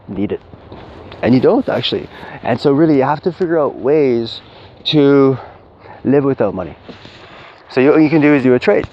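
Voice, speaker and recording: A man giving spiritual advice in a casual, rambling monologue, swearing and acting out quoted people. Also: mid-range voice. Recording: dull lo-fi audio with faint hiss.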